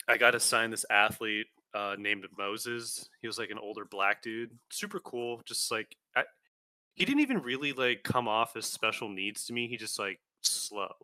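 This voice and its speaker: Bright-voiced man telling a rowdy story. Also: on the low side, dry recording. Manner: animated, swearing, acts out quotes loudly. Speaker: podcast co-host. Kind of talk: casual storytelling.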